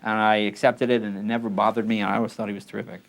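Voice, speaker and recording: A man's voice: lowish voice, level tone, very fast, vocal fry. A man interviewed for a documentary, fondly recalling a comedian. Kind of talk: interview reminiscence.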